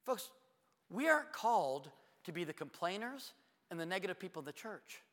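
Animated preacher in a reverberant hall. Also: male voice, brisk. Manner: animated storytelling preacher, jumps to loud high exclamations. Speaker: pastor. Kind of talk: sermon.

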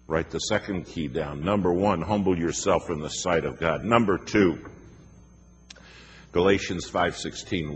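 Deep-voiced preacher in a reverberant hall. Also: male voice, moderate pace. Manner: emphatic, storytelling with acted quotes. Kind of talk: sermon. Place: church sanctuary. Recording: reverberant hall with faint noise.

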